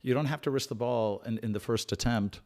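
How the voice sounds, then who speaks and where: A man hosting a live football watch-along in a mid-range voice. He talks through the match in a chatty, analytical way, repeating and restarting phrases as he thinks aloud. At big moments he breaks into loud, excited shouting. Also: mid-range voice, a little fast. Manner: calm tactical analysis with sudden excited outbursts. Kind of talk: live fan match commentary.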